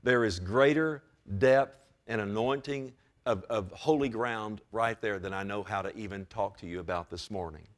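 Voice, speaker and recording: A man's voice: lowish voice, normal speed. Impassioned male preacher. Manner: impassioned preaching with emphatic rises and direct calls to the congregation. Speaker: pastor. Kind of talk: sermon.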